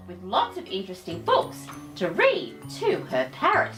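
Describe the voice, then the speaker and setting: A woman's voice: medium pitch, wildly swooping pitch, normal speed, fairly bright tone, faint music behind. A woman reading a children's picture book aloud as host, theatrical, with affectionate asides to her listeners.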